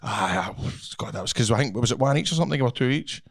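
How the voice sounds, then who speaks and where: A man's voice: medium pitch, expressive, fast, vocal fry. A man with a Scottish accent hosting a podcast, teasing his co-host in casual banter. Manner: teasing, joking. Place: podcast studio.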